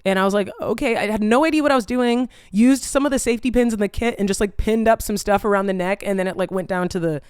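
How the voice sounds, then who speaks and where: A woman hosting her own vlog, telling a story in a casual, animated way, swearing freely and saying "like" a lot. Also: medium pitch, quick pace, few pauses, clear, resonant tone, no echo, clean studio sound. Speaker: vlog host.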